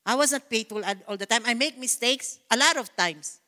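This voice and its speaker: Preaching fairly quickly with lively intonation, a female pastor repeats herself fervently and breaks into praise during her sermon. Her voice is high, bright, and forceful, and a long sanctuary-like hall reverb follows every phrase.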